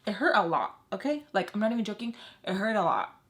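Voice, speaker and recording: Animated young woman telling a story. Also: medium pitch, fast. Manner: animated, slangy, swears, heavy "like". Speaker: vlogger. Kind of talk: casual storytime.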